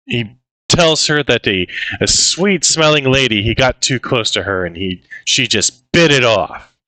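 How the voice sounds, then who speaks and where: A man's voice: mid-range voice, lively intonation, unhurried, bright, forceful tone, poor audio. A man co-hosting a casual film discussion, recapping scenes in a laid-back way with frequent fillers and quoted lines. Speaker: podcast co-host.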